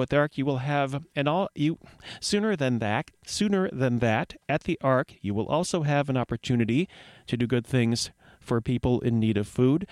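A man's voice: mid-range voice, no echo, studio quality. A man hosting a radio show, announcing songs and local events in a folksy, rambling way that often restarts sentences. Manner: rambling, folksy, corrects himself mid-sentence.

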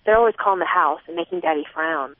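Woman audiobook narrator, expressive first-person reading, phone-like narrow sound, dry. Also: fairly low pitch, quick pace, dry recording. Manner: expressive, voicing a twelve-year-old girl's inner thoughts.

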